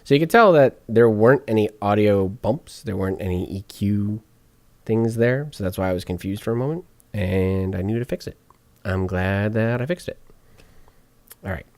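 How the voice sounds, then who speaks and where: A man walking through podcast audio editing out loud, chatty and joking to himself as he works. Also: lowish voice, normal speed, no echo. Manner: chatty, jokey asides while working. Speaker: podcast editor streaming his editing session. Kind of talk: casual on-screen tutorial talk.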